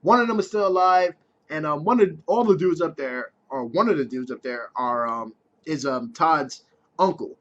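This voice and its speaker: Male reviewer, higher voice, casual and profane, dull lo-fi recording. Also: animated, moderate pace, fairly bright tone. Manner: casual, chatty, swears freely. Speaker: TV episode reviewer.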